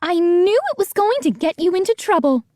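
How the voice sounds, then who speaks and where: A woman's voice: very high voice, expressive, moderate pace, warm tone, no room sound, clean studio sound, voice pushed up. A woman voicing a grumbling older female housekeeper in an audiobook, speaking in a scolding, told-you-so manner.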